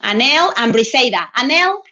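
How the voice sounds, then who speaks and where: A woman teaching an English class online, speaking slowly and patiently, coaxing her students and stretching out words. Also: on the high side, animated, sharp tone. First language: Spanish. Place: home room on an online video class. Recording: dull lo-fi video call audio.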